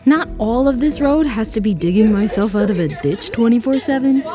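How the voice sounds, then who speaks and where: A woman's voice: fairly high pitch, animated, fairly quick. A young woman giving candid, wry and upbeat voice-over narration for her vlog. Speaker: vlogger. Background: music playing underneath.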